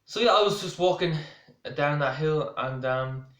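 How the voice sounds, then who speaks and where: A man's voice: fairly high pitch, measured pace, fairly bright tone. Rambling Irish man in a roomy echo. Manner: rambling, full of restarts and asides. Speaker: vlogger. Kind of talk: casual storytelling to camera.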